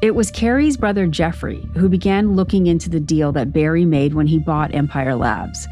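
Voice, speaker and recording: Low-voiced woman narrating a documentary. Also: warm tone, soft background music. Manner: measured, serious delivery. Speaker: podcast host and narrator.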